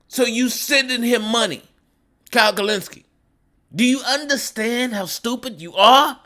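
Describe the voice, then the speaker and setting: Bright-voiced man ranting mockingly. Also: very high-pitched. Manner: mocking, insulting, scolding. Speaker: commentary vlogger. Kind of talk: ranting commentary.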